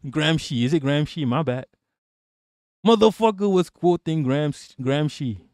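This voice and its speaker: Male stream host from Malaysia, profane and jokey, slightly high voice, dry sound. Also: lively intonation, measured pace, darkish tone, no echo. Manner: profane, joking, reads chat aloud. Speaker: livestream host. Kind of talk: casual political rant on a livestream.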